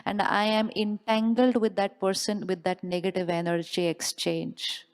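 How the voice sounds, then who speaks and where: A woman's voice: mid-range voice, little pitch movement, normal speed, smooth. A woman giving a motivational spiritual talk, asking the audience questions and repeating them. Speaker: spiritual speaker.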